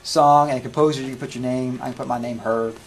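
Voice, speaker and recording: A man demonstrates music notation software to a room of students, talking loosely and stopping to ask them questions. His voice sits at an ordinary middle pitch, with a faint hiss of noise behind it. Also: fairly even intonation. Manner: casual, halting, asks students questions. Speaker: music teacher. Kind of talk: live classroom software demo.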